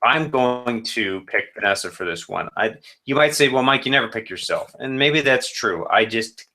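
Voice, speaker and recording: A man's voice: medium pitch, animated, normal speed, hardly any pauses, sharp tone. A man who runs a fantasy football league, casually rambling through matchup predictions with self-corrections and joking asides.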